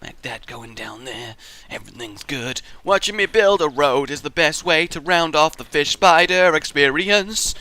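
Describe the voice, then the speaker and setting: A young man giving chatty, excitable gameplay commentary as a let's play host, muttering asides to himself. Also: fairly high pitch, moderate pace.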